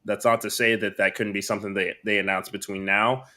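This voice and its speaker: A man with a fairly low voice co-hosts a casual podcast. He thinks out loud, circling back and restarting his sentences as he works through his opinions on wrestling. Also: flat delivery, brisk. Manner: rambling, thinks aloud with many restarts. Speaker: podcast co-host.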